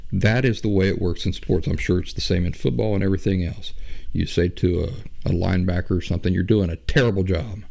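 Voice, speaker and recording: A middle-aged man hosting a podcast, talking through ideas in a slow, conversational monologue full of rhetorical questions. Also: deep voice, gravelly, dark tone. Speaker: podcast host. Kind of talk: reflective monologue.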